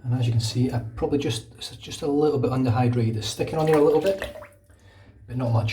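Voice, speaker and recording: A Glaswegian man from Scotland talking casually and quickly while he shaves, dropping in asides like "know what I mean". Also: mid-range voice, warm tone, reverberant, recorded from a distance, slight background noise. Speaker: wet shaving channel host. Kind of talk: casual talk over a shave.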